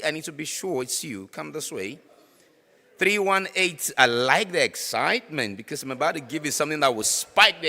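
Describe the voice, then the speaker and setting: Nigerian male emcee, bright, teasing, singsong number calls; reverberant hall mic. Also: a little high, gravelly. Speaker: raffle draw host. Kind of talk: playful event emcee. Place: conference hall. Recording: echoey hall with long reverb.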